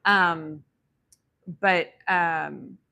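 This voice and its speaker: Rambling woman with a gravelly, bright voice. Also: fairly low pitch, steady tone, extremely slow. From grew up on a ranch. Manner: rambling, many fillers and restarts; reflective, spiritual. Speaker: guest telling a personal story. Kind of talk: casual spoken storytelling.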